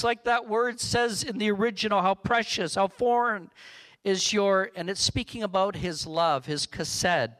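Male pastor, high-pitched, unhurried sermon delivery, earnest and gentle. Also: steady tone, low-quality recording. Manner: slow, earnest, drops to a soft hush for emphasis. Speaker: preacher.

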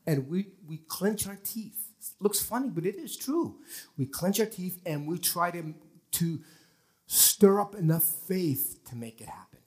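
Animated preacher man. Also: a little high. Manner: animated preaching, acting out people straining to believe. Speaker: pastor. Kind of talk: sermon.

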